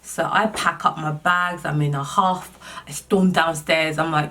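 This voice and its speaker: A woman vlogger telling a dating story in a casual, animated and exasperated way. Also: low-pitched, measured pace, recorded from a distance.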